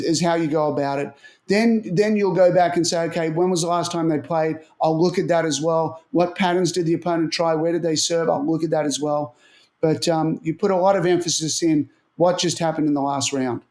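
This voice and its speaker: A man's voice: a little high, darkish tone. A man who coaches tennis strategy, telling stories animatedly in a casual interview and often repeating words as he thinks. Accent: Australian.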